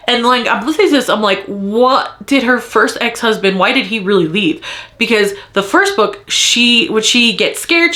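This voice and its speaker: A woman's voice: mid-range voice, bright, forceful tone. A woman giving a casual vlog book review as a heated rant, swearing often and repeating lines for emphasis. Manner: heated ranting, frequent swearing.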